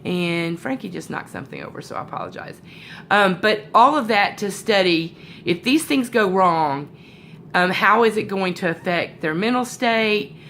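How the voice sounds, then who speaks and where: A woman with a sore throat talks to her sales team from home in an easygoing motivational chat. Her pitch sits in the middle range, and she wanders through ums and corrects herself as she goes. Faint background noise is heard. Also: lively intonation, moderate pace, fairly bright tone. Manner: rambling, many fillers and self-corrections.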